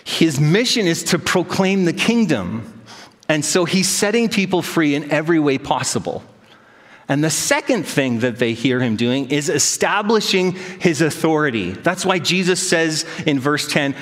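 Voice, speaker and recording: A man in his thirties, a pastor, preaching a sermon with self-deprecating stories and animated quoted voices. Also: on the high side, moderate pace. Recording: long hall reverb.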